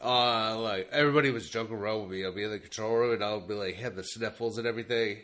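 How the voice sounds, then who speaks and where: A man telling a story in a casual podcast chat, animated and swearing casually. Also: on the low side, quick pace.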